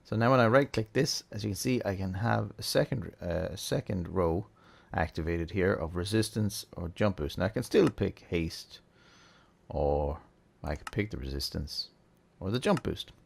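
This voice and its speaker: Male tutorial host, low gravelly tone, easygoing, thinks aloud, keyboard clicks behind. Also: normal speed. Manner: relaxed, chatty, thinking aloud with fillers. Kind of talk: casual gameplay tutorial.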